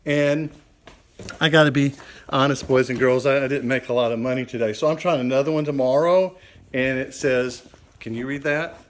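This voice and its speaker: A man's voice: mid-range voice, fairly even intonation, a little fast. Corny older man talking to kids. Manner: cheerful, corny jokes, speaks to kids. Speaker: children's Bible class teacher. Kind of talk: children's show talk. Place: home office, indoors.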